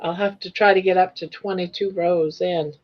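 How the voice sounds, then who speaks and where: A woman's voice: fairly low pitch, steady tone, moderate pace, muffled recording. A woman guest chatting casually about crochet, joking at her own expense. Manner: self-deprecating, joking. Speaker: panel guest on a crochet live stream. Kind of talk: casual chat.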